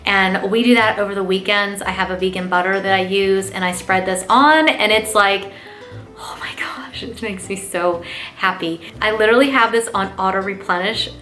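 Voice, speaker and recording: A woman hosting a lifestyle gift-guide vlog, gushing with enthusiasm and chatting warmly to her viewers. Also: mid-range voice, normal speed, faint music behind. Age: adult parent. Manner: gushing and enthusiastic, lots of "oh my gosh"; warm, talks straight to viewers as "you guys". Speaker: lifestyle channel host.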